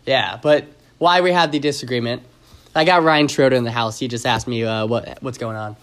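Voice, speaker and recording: A man's voice: mid-range voice, fairly even intonation, brisk, fairly bright tone. A man hosting his own podcast in a casual, rambling, joking chat, full of fillers and restarts. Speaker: podcast host.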